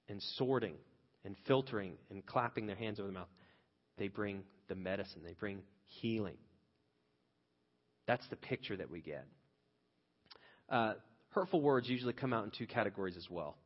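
A man's voice: on the low side, normal speed, long pauses. A man in his thirties preaching a sermon conversationally, telling a story about his own family and restarting phrases often. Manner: conversational storytelling with frequent restarts, rising loud when quoting himself. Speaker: pastor. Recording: dull lo-fi sound with long hall reverb.

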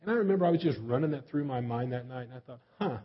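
A man's voice: medium pitch, animated, racing, breathy edge. A man preaching a sermon in a folksy, self-deprecating way, asking his listeners many questions. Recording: slightly dull, lo-fi recording.

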